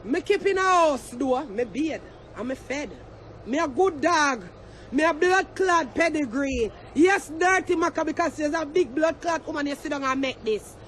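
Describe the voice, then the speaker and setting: A man with a Jamaican accent ranting and taunting to the camera, shouting and cursing in a heated vlog. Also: very high voice, expressive, moderate pace, a little hiss or hum. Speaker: social media personality.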